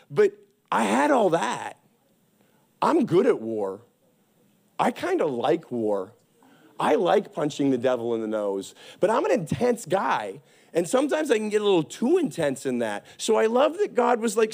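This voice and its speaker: Intense male preacher; animated delivery, lively pitch, loud peaks. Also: moderate pace, creaky. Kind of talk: sermon.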